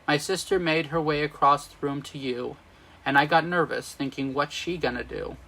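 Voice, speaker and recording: A man's voice: a little high, normal speed, creaky, bright, forceful tone, low-quality recording. A man reading as a lovestruck young woman. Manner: reads sung lyrics as speech, with slips and restarts.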